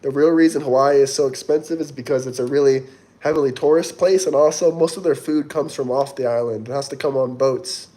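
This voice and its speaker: Guy rambling on a livestream, reading chat comments out loud, middle-pitched easy voice. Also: a little fast. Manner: chatty, rambling, reads viewer comments aloud.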